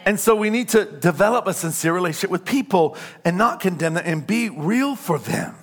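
Man, high voice, pastor, sermon in a church, emphatic call-and-response preaching. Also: very animated, brisk, a faint crowd. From California. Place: church sanctuary.

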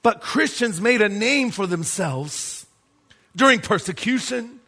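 A man's voice: sits high, expressive, measured pace, pushed and bright. A man preaching a sermon as pastor, emphatic and asking the congregation rhetorical questions.

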